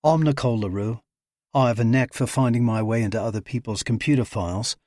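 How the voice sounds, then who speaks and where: A man's voice: mid-range voice, quick pace, a little mellow, no room sound, clean studio sound, natural voice. A man voicing a proud young woman, a hacker and model, who talks back with confident defiance. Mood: wry.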